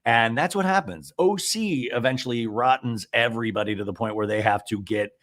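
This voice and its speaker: A man hosting a comedic TV recap podcast, retelling scenes in an animated, gossipy way. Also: mid-range voice, a little fast. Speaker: podcast host.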